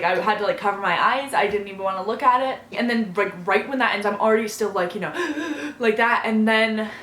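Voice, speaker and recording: A woman's voice: medium pitch, fairly bright tone, reverberant, a little hiss or hum. A woman vlogger giving a casual, effusive review, gushing and filling her talk with fillers.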